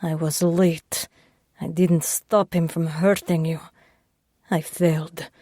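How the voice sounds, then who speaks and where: A woman voicing a gruff, protective man who speaks in clipped, broken English. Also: deep voice, level tone, slow pace, warm tone, dry recording, clean studio sound. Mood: gruff, tender.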